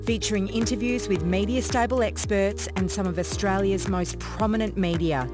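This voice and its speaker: A woman's voice: mid-range voice, normal speed. Polished woman announcer over music. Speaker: show announcer. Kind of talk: scripted intro.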